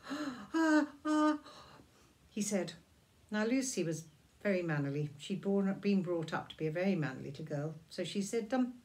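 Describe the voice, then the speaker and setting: A woman reading a children's story aloud, in a gentle, drawn-out and expressive manner. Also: lowish voice.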